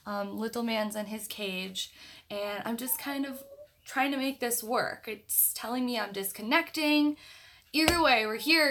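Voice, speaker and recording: A woman's voice: fairly high pitch, expressive, moderate pace, sharp tone. Bubbly young woman hosting a livestream. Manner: bubbly, greeting viewers by name, many fillers. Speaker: livestream host of an online book club. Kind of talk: casual livestream chat. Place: at her grandmother's house, indoors.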